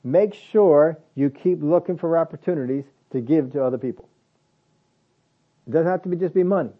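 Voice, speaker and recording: A man preaching a conversational sermon, slowing down to repeat his key phrases for emphasis. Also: a little high. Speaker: pastor. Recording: phone-like narrow band.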